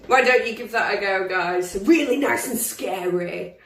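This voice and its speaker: A woman's voice: mid-range voice, measured pace, recorded from a distance, background noise. Encouraging woman teacher, roomy. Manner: encouraging, demonstrating many voices. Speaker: drama teacher. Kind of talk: instructional video for pupils. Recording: roomy, from the mic.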